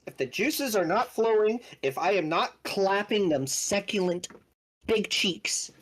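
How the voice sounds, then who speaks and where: Woman telling crude stories, lively pitch. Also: a little slow, slightly rough. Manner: animated, crude joking storyteller. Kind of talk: casual chat with friends.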